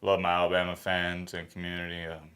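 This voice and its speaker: A man, a sports YouTuber, talking in a dejected, halting way, sighing and close to tears in a reaction vlog. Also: low voice, monotone, a bit bright.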